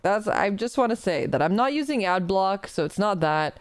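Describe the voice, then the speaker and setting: Woman, streamer, casual reaction chat, jokey asides, smooth clear voice, dry close sound. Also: mid-range voice, expressive, normal speed, few pauses, no echo. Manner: chatty, apologetic, jokey asides.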